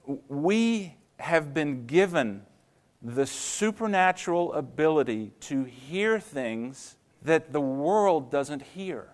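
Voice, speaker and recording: A man preaching a sermon as a pastor, earnest and storytelling, slowing down and speeding up for emphasis. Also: mid-range voice. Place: church.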